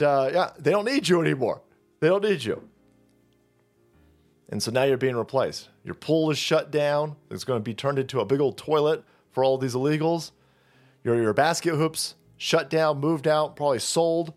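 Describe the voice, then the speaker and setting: A man hosts political commentary in a sarcastic, mocking, foul-mouthed way, his voice sitting a little high. Faint music runs beneath his talk. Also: lively intonation, normal speed. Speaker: commentary channel host.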